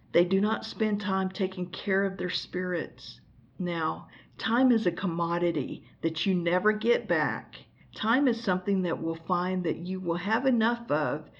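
On a lo-fi recording, a woman from the United States with a low-leaning voice preaches an earnest, exhorting teaching sermon, asking the listener pointed questions.

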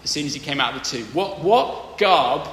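A man's voice: fairly high pitch, lively intonation, moderate pace, a bit bright, a little hiss or hum. A man with a posh English accent, a vicar giving a playful family sermon, drawing in the congregation. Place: large church. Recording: echoey church hall.

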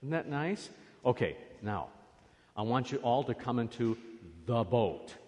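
Animated man giving a children's sermon. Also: medium pitch, a little slow. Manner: animated, questioning, coaxing children. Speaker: priest. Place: church. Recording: long reverb of a church.

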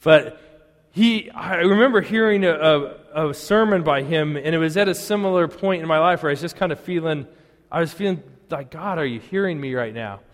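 An earnest American pastor preaches a sermon in a church sanctuary, his fairly high voice carried by a long, ringing reverb. He pauses often and drops to a near hush on the phrases he wants to land.

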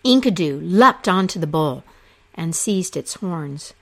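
A woman narrating an ancient myth aloud in a slow, expressive storytelling manner. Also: on the low side, vocal fry.

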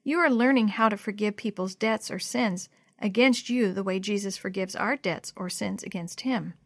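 A woman voicing a warm, encouraging female Sunday school teacher in a storybook. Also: medium pitch, moderate pace, no room sound, studio quality, natural voice. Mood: kind.

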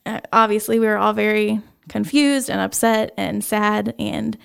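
A young adult woman sharing a personal faith testimony as an interview guest, earnest and halting with many fillers. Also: mid-range voice, little pitch movement, gravelly, clean tone.

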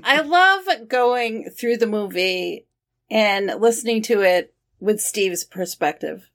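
A woman's voice: mid-range voice, animated, slow pace. A woman co-hosting a podcast, reading out listener comments and reacting to them in a friendly way. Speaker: podcast co-host.

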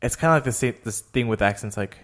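A man's voice: mid-range voice, fast talker, fairly bright tone. A man with a South Texas Valley accent in casual chat, hesitant and restarting but opinionated. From Rio Grande Valley, Texas.

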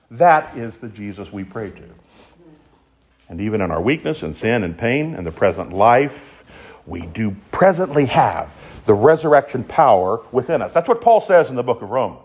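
A man's voice: mid-range voice, normal speed. A male preacher delivering a sermon in an emphatic way, building up to strong exclamations. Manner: animated, emphatic, rises to exclamations.

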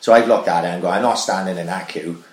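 A man's voice: sits low, fast talker. A man in casual podcast chat, telling a night-out story with lots of swearing. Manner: sweary, animated storyteller who drops his voice for asides. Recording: echoey room.

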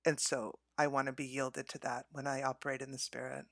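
A woman's voice: a bass voice, flat delivery, brisk, gravelly, a bit bright, no room sound, clean studio sound. A woman co-hosting a faith podcast, telling a personal story in an earnest, heartfelt way.

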